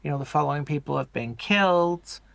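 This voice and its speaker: A man co-hosting a movie podcast, calmly recapping the plot and explaining the characters in a measured way. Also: a little high, vocal fry, no echo. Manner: measured, explanatory, hesitant fillers. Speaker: podcast co-host. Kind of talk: casual film discussion, plot recap.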